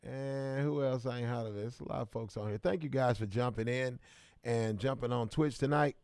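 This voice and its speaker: A man's voice: medium pitch, fairly quick, a little mellow, clear, resonant tone, no room sound. A man from Kansas City, hosting a casual livestream and greeting viewers by name in bursts of hype. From Kansas City, American Midwest. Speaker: livestream host.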